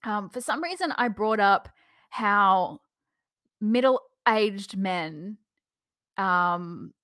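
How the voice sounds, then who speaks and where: A young woman hosting a podcast, chatting casually and telling stories in a lively way. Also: medium pitch, extremely slow, dry recording, clean studio sound. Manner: lively storyteller, laughs through anecdotes. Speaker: podcast host. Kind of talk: casual chat.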